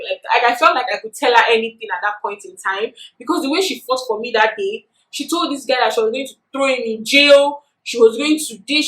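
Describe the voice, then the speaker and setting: A young woman with a Nigerian accent telling a story in a chatty, animated vlog, filling her talk with "you know". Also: sits high. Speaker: vlogger. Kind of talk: casual storytelling. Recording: echoey room.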